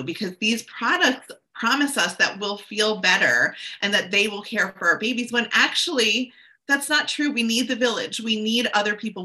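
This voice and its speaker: A woman's voice: medium pitch, bright, forceful tone. A middle-aged woman, a guest on a podcast, speaking in an earnest, passionate way with emphatic repetition. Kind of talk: casual conversational interview.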